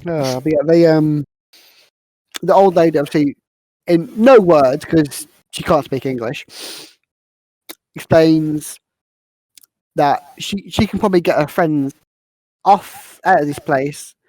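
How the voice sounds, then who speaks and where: A woman's voice: low-pitched, slow, long pauses, dark tone, dry recording, low-quality recording. A woman hosting a casual podcast, rambling through a film recap and stumbling over her words. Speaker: podcast host.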